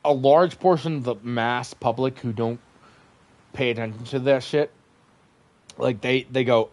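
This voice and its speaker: A man's voice: mid-range voice, steady tone, measured pace, pauses often, darkish tone. A young man and military veteran in casual political chat, blunt and emphatic, swearing freely. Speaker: podcast co-host, military veteran.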